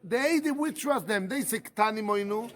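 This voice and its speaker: A rabbi with a high voice leads a yeshiva Talmud class. He teaches by firing rhetorical questions at the room, doubling back to repeat and restart his phrases as he works through the argument. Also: expressive, normal speed.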